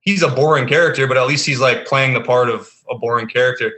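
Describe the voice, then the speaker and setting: A man's voice: mid-range voice, quick pace, bright, forceful tone. A man co-hosting a casual film review podcast, talking emphatically with lots of fillers and restarts. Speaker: podcast co-host.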